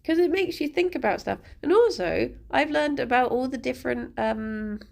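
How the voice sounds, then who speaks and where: A woman's voice: sits high, lively intonation, moderate pace, creaky. A woman streamer chatting casually, rambling and giggling often as she talks.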